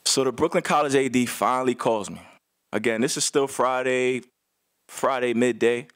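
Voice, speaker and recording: A man's voice: mid-range voice, moderate pace, a bit bright, dry recording, clean studio sound. A man, a former assistant basketball coach, telling a story on a radio show in casual slang, acting out other people's lines.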